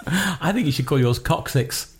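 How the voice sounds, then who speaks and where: A man hosts a relaxed podcast. His voice sits a little high and moves around a lot as he chats and reads out listener emails, with a faint hiss underneath. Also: measured pace. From Newcastle, England. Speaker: podcast host. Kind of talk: casual podcast chat.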